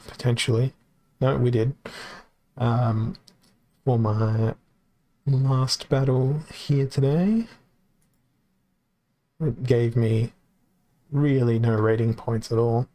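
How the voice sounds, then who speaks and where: A male streamer with a gravelly, fry-edged voice of middling pitch, talking through his card game live. He is wry and self-deprecating, thinking out loud as he picks his moves. His voice sounds worn, as if he is losing it. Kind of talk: casual live-stream commentary.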